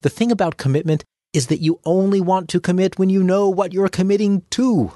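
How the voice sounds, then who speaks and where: A man's voice: high-pitched, steady tone, brisk, dark tone, dry recording, clean studio sound. A man hosting a tips podcast, reading a script with playful, dramatic asides. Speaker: podcast host.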